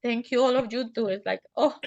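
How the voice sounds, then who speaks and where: A woman's voice: fairly high pitch, fairly quick, darkish tone, no room sound, lo-fi sound. A woman taking part in a group video call, emotional and effusive, with slightly non-native phrasing. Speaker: course participant.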